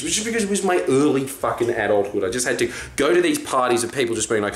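A man's voice: mid-range voice, rapid-fire, hardly any pauses, a bit bright, echoey room. A young man, a stand-up comedian, talking in a brash, swearing, casual monologue. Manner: brash, swearing, acts out quoted voices. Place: room with green backdrop.

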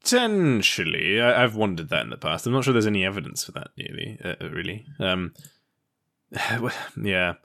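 A man with a low yet bright, lively voice co-hosts a casual podcast conversation. He muses hesitantly and laughs often between thoughts. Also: moderate pace, gravelly. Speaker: podcast co-host. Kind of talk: casual chat.

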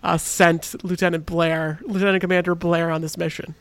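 A man's voice: a little high, level tone, normal speed, clear, resonant tone, dry recording. A man co-hosting a casual movie review chat, swearing freely, laughing often and acting out lines. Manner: profane, laughing, acts out lines. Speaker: podcast co-host.

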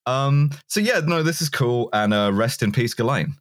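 Young male podcast co-host, sardonic and profane, animated delivery, dry sound. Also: mid-range voice, moderate pace, dry recording. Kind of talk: casual political banter.

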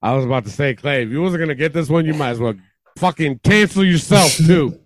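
A man hosting a podcast quiz game, cursing often and ribbing the players in loud, exasperated casual banter. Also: mid-range voice, racing, a crowd in the background.

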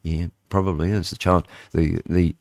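A man's voice: low-pitched, flat delivery, moderate pace, creaky, darkish tone, no room sound, studio quality. Rambling New radio host, older man. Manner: rambling, chatty, thinks aloud. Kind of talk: casual radio chat, reading headlines aloud. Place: radio studio.

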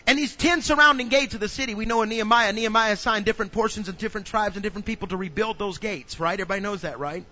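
A man preaching a sermon in a church, swinging from loud to hushed. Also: high voice, rapid-fire, few pauses. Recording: dull lo-fi recording.

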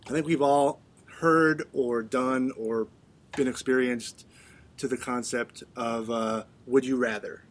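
A man's voice: mid-range voice, fairly even intonation, takes it slowly. A middle-aged man hosting a casual chat, playfully reading out questions and laughing often. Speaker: podcast co-host.

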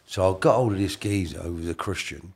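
A middle-aged man tells a personal story in a colloquial, earnest way, moving between soft asides and emphatic bursts. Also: low-pitched, a little fast, slightly rough.

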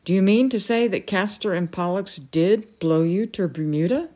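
A woman's voice: mid-range voice, moderate pace, mellow, lightly acted. A woman reading aloud, voicing an eager, curious young boy in a storybook.

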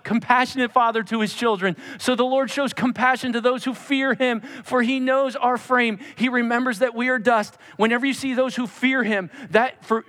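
Guy pastor preaching, high voice, lots of hall reverb, goes quiet and gentle then punchy. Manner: emphatic preaching, drops to soft intimate tone when voicing God. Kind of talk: sermon.

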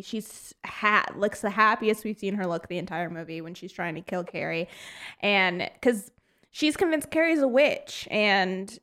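A woman's voice: mid-range voice, fairly bright tone. A woman co-hosting a casual chat about a film, laughing often and acting out lines. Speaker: podcast co-host.

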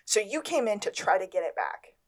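Lively woman co-host, swooping pitch. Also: fairly quick. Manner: animated retelling with voiced character lines. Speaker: podcast co-host. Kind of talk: casual recap chat.

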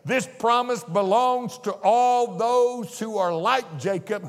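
A man with a high voice preaches a sermon slowly and with emphasis, leaning hard on key words. His voice rings out with a long reverb, as in a church sanctuary. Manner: slow, emphatic preaching that builds in intensity.

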